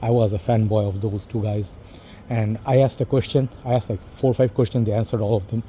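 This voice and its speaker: A middle-aged man with a Bangladeshi English accent reviews fragrances on camera in a casual, rambling monologue peppered with "you know" and "bro." His voice is lowish, warm and steady, delivered briskly over a little hiss or hum.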